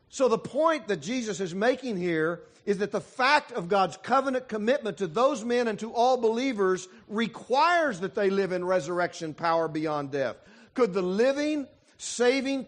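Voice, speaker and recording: A man preaching a sermon as a pastor, emphatic and full of dramatic pauses. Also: sits high, fairly bright tone.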